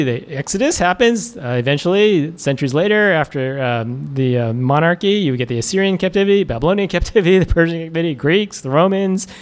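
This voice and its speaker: Chatty man preaching a casual sermon. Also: on the high side. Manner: casual, chuckling, many fillers. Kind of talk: conversational sermon.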